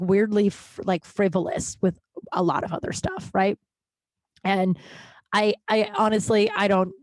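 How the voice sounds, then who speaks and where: A woman's voice: mid-range voice, a little mellow, dry recording. A woman in her thirties hosting a podcast, telling candid personal stories in a rambling, self-correcting way and laughing at them. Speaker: podcast host.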